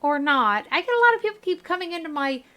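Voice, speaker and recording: A woman in her thirties streams a game and chats casually with her viewers, giggling and laughing often as she talks to chat. Her voice is very high, with big pitch swings, a quick pace, and a sharp tone.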